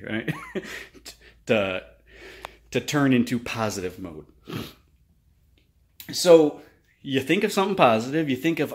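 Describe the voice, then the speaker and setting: Speaking in a mid-range voice, the host of his own channel gives a loose motivational talk, animated and cursing freely while he acts out bursts of frustration.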